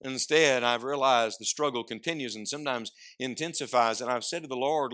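A man preaching a sermon, swinging from loud declarations to hushed asides and prompting the congregation to answer. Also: medium pitch, fairly quick, hardly any pauses. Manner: asks the congregation questions and prompts replies.

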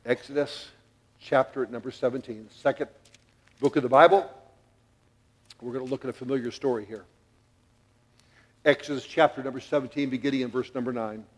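A man's voice: mid-range voice, a little fast, pauses often. A middle-aged man preaching a sermon in a church, telling a family story with jokes and acting out the quotes. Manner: animated, jokey, acts out quotes. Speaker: pastor.

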